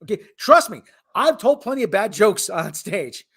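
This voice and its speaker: A man's voice: sits high, big pitch swings, normal speed, creaky, fairly bright tone, slightly rough. Sardonic rambling male podcast host. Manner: sardonic, rambling, restarts often. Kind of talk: casual commentary chat.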